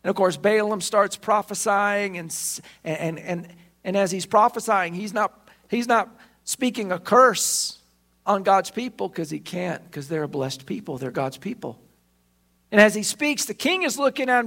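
A man preaching a sermon, telling the story with animated delivery. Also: high voice, normal speed, gravelly. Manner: animated storytelling, acting out the characters. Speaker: pastor.

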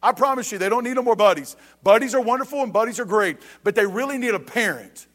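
High-voiced preaching pastor. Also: male voice, fast, a bit bright. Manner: emphatic, repetitive preaching with southern phrasing. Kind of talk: sermon.

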